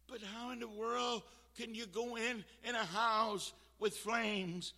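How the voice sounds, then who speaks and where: Fervent preacher with a drawl. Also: male voice, high-pitched, takes it slowly, in a large hall. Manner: fervent preaching that swings from shouts to quiet. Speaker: visiting preacher. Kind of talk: sermon.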